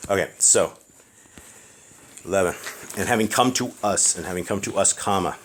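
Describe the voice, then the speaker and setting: Deep male voice for a slow, deliberate proofreading read-through, punctuation spoken aloud, faint background noise. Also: fairly bright tone. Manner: slow, deliberate read-aloud with spelled-out words and quick asides. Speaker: scripture proofreader. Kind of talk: dictating a text aloud, line by line. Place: house with barking dogs nearby.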